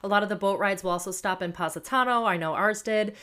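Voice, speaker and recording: American lady podcast host rambling on about her trip, lots of ums, medium pitch. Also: fast, fairly bright tone. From United States. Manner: chatty, rambling, many fillers. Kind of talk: casual travel storytelling.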